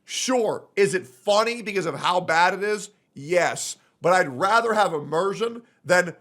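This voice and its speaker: A man's voice: high voice, animated, unhurried, fairly bright tone. A young man streaming a reaction, talking casually and bluntly, swearing often and ranting heatedly about a game.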